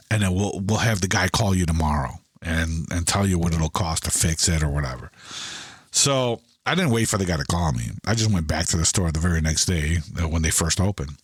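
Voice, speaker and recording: A middle-aged man tells a rambling story in casual podcast chat, acting out what each person said. His voice sits very low. The sound is dry, with little room around it. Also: brisk, husky, dry recording. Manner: animated storyteller who acts out both sides of conversations; loose, rambling delivery with many restarts.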